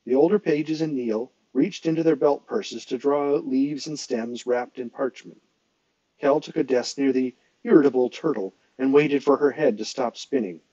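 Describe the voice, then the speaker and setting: A man reads a novel aloud in a steady, expressive way at an ordinary pitch. The recording is dry and close, with a slightly dull, lo-fi tone. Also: normal speed, dry recording. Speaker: audiobook reader.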